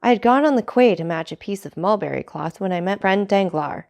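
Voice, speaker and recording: A woman's voice: mid-range voice, lively intonation, brisk, creaky, a little mellow. A woman reading aloud, voicing a greedy, fawning young male tailor who talks in a hearty, ingratiating way, in a storybook.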